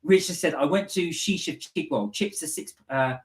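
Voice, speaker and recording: A man's voice: fairly high pitch, normal speed, roomy sound. A man co-hosting a casual live stream from home, chatty and laughing often as he reads out viewer comments. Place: home, indoors.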